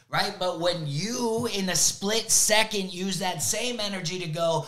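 A man who coaches youth sports, giving an energetic motivational talk and checking in with "right?" again and again. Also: sits high, slow pace, few pauses. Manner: energetic, repeats "right?" often.

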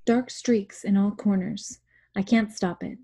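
Slow, husky woman reading aloud. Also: medium pitch, fairly even intonation, warm tone. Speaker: audiobook reader.

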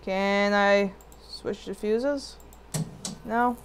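Lady doing a let's play, slow and chatty, scolds the game jokingly. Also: mid-range voice, a little hiss or hum. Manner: chatty, talks back at the game, jokey frustration. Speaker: gameplay streamer. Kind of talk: casual let's play commentary.

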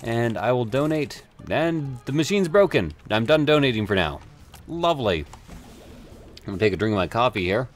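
A man talking through a video game run as he plays, rambling and offhand and swearing mildly now and then. His voice sits at an everyday middle pitch. Faint game music plays underneath. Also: big pitch swings, moderate pace. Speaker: let's play host. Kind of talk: gameplay commentary.

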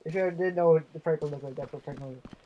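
Goofy high-voiced young man playing a game. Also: rapid-fire, lo-fi sound, noisy background. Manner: playful, goofy sing-song narration. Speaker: gaming video host. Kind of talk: casual game commentary.

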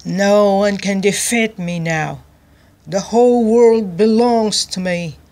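A woman doing a loud, cruel cabbage king, King Cabbage. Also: medium pitch, slow pace. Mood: boastful. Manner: loud commanding boasting. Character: cruel greedy fat male cabbage king.

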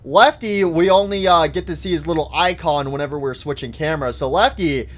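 A man giving excitable live commentary as he plays a horror game, talking straight to the characters. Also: on the high side, brisk. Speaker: gaming YouTuber. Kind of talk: live let's-play commentary.

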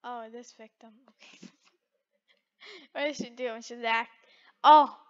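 A woman's voice: on the high side, level tone, measured pace, fairly bright tone, lo-fi sound. A woman giving playful, teasing gameplay commentary with frequent giggles. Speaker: gaming video creator.

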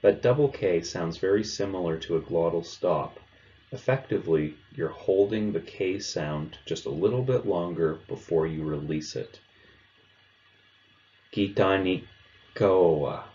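A man with a very low, deep voice explains pronunciation step by step in a clear, measured way. The recording sounds a little dull and lo-fi. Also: animated, mellow, a little hiss or hum. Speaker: language teacher. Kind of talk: instructional narration.

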